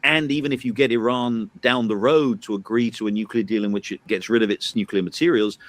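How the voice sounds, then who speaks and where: A man's voice: on the low side, fairly even intonation, a little fast, no echo. A man giving political commentary on a talk show, hesitant and full of fillers and restarts, turning emphatic as he argues. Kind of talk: analytical commentary chat.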